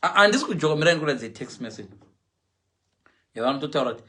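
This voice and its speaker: Middle-aged man, Zimbabwean English accent, somewhat high voice, lively comic storyteller, mimics voices. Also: very fast. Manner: lively, mimics other people's voices, laughs mid-story. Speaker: parent telling stories on a livestream. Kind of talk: animated comic storytelling, switching between Shona and English.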